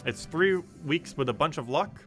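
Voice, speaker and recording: A man's voice: fairly high pitch, expressive, normal speed, a bit bright, faint music behind. A young man streaming a game, chatting casually and rambling with many ums while he plays and answers chat. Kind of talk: casual live-stream commentary while playing.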